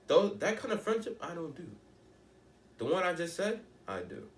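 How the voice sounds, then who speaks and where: A man's voice: sits high, sing-song, moderate pace, reverberant, recorded from a distance. A teenage boy talking in a rambling, emphatic way, often restarting and asking rhetorical questions. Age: teens. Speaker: vlogger. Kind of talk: casual monologue to camera.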